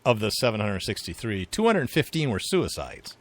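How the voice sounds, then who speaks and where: A man's voice: fairly low pitch, big pitch swings, normal speed, no echo. Guy rambling on a chat show, dry close sound, lots of uh and anyways. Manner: rambling, chuckling, filler-heavy. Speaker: podcast co-host. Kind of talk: casual political chat.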